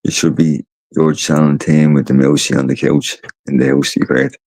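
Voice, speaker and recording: His voice rumbles low with a flat delivery, normal speed, vocal fry, and a darkish tone, and there's no room sound. He's a tired man from Ireland hosting a livestream at home, rambling through stories, swearing freely and repeating himself.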